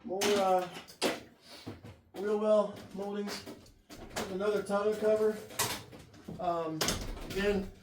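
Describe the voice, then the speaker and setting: A man's voice: high-pitched, little pitch movement. A man unloading a trailer of car parts outdoors in the cold, out of breath and talking while he works. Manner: talks while lifting and hauling, breathy pauses. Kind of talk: casual narration while working. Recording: echoey, distant camera audio with clear noise.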